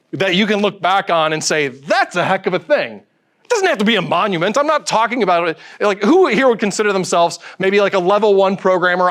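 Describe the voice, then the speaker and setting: A man with a fairly high voice delivers a live conference presentation. He is middle-aged and keeps it light, cracking jokes and putting questions to the room. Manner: lively, joking, quizzes the audience. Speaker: conference speaker.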